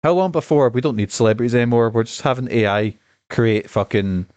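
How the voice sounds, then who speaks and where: A man commenting on a game during his stream, rambling, profane and excitable, with a cough. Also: mid-range voice, brisk, clean tone, no room sound. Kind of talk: casual gaming stream commentary.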